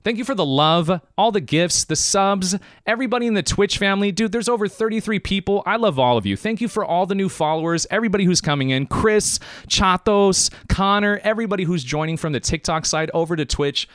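A man's voice: high-pitched, expressive, brisk, a bit bright, no echo, studio quality. A man hosting a live-streamed podcast monologue, emphatic and choked up, repeating phrases for emphasis. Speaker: podcast host.

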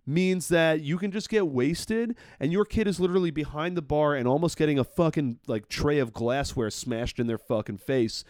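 A man's voice: fairly high pitch, normal speed, few pauses, darkish tone, no room sound, studio quality. A man co-hosting a casual podcast, ranting with heavy swearing. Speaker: podcast co-host. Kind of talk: casual chat.

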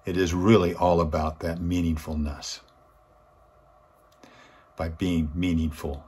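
A man's voice: level tone, slow, a little hiss or hum. A man giving a weekly inspirational talk, telling a story in an earnest way and rising in force on key points. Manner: earnest, swells louder and higher on key points. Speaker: motivational speaker.

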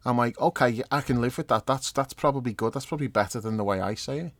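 A man's voice: medium pitch, quick pace, fairly bright tone, no echo. Jokey sweary man bantering. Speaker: podcast panelist. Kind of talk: casual banter.

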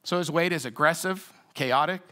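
A man's voice: a little high, normal speed, sharp tone. A man preaching a sermon in a conversational, reflective way with frequent restarts. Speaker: pastor.

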